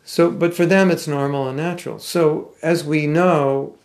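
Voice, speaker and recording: An older American man with a General American accent giving a scripture class, speaking thoughtfully with some halting restarts and reading passages aloud. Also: a little high, steady tone. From United States. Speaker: spiritual teacher. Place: class room.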